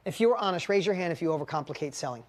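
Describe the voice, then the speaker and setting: A middle-aged man coaching a live mastermind group, casual and animated, calling on audience members by name and jumping up in pitch when a story gets exciting. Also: very fast. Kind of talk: live motivational talk to an audience.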